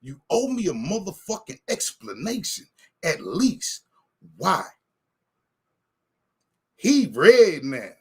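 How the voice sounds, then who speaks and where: A man's voice: sits high, very animated, slow pace, pauses often, slightly rough. A man telling a heated, profane story in a casual chat, acting out what he said. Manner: heated, profane anecdote with acted-out quotes. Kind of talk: animated storytelling.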